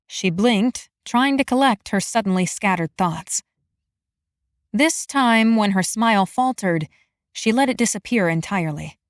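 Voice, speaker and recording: A woman narrating a fantasy romance audiobook in an even, measured storytelling manner. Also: medium pitch, dry recording, studio quality.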